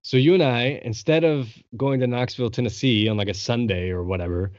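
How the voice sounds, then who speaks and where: A young man hosting a podcast, telling a long story in an excited, casual way and swearing freely. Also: medium pitch, fairly quick, no echo, highs cut off. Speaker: podcast host. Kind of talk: casual chat.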